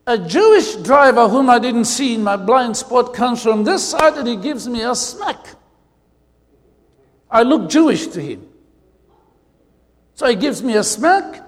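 A South African man preaching a sermon as pastor, telling humorous stories with drawn-out emphasis, in a church hall. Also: very high voice, lively intonation. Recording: long hall reverb.

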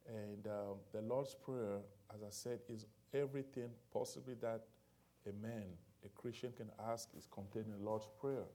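Male preacher, mellow tone, church sermon, fervent prayer into emphatic teaching. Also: lowish voice, fairly even intonation, normal speed. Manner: repetitive fervent prayer addresses, then rising emphatic preaching.

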